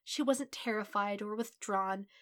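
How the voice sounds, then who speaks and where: A woman reading a fan fiction story aloud in a soft, steady, subdued way. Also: medium pitch, a little slow. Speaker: podfic reader. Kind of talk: audiobook fan fiction narration.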